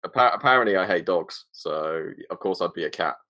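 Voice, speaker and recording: A man's voice: deep voice, expressive, a little fast, bright, forceful tone. A man co-hosting a casual football fan podcast, chatty and laid-back, spinning little stories. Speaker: podcast co-host. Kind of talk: casual chat.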